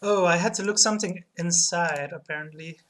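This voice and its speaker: Soft-spoken woman streaming a game. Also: lowish voice, a little fast, a little hiss or hum. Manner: soft, quiet, chatty with live chat. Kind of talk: casual game playthrough, reading text aloud.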